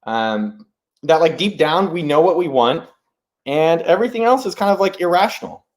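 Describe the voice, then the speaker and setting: A man hosting a live stream, talking in a casual, rambling way, excited and swearing freely. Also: a little high, normal speed. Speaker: host.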